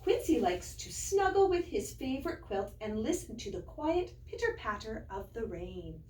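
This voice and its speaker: A woman teacher reading a picture book aloud to young children in a slow, sing-song storytelling way, then showing how to write a letter. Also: fairly high pitch, big pitch swings, darkish tone, a little hiss or hum. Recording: roomy, mic at a distance.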